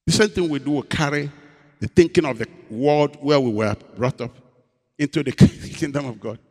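A male pastor preaches with a slightly high voice, telling his story dramatically and swinging between forceful emphasis and quiet, hushed confession. His sermon rings out with a long reverb, as if caught in a large church hall. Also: normal speed.

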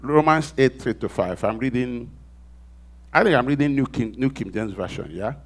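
A man preaching a sermon, dramatically acting out quoted voices and swinging from loud exclamations to hushed asides. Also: medium pitch, expressive, normal speed.

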